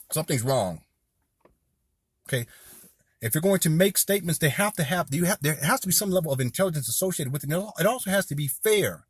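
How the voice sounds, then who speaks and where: Husky heated man ranting to camera. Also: fairly high pitch, expressive, a little fast, pauses often, no room sound. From Southern California, US. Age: 40s. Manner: heated, rambling, addresses viewers as "y'all". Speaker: video commentator. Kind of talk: impassioned direct-to-camera commentary.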